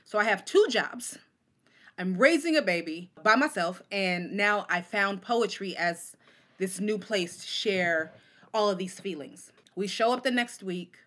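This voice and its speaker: A woman poet in her forties, a guest on a talk show, telling stories in an animated, casual way and acting out the voices of people she quotes. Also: mid-range voice, measured pace. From Oakland, California. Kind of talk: casual interview storytelling.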